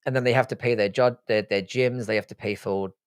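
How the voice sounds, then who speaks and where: A man's voice: fairly low pitch, fairly even intonation, a little fast, clean tone. A man in his forties hosting a live stream, answering viewer chat in casual, blunt, profane, joking banter. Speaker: livestream host.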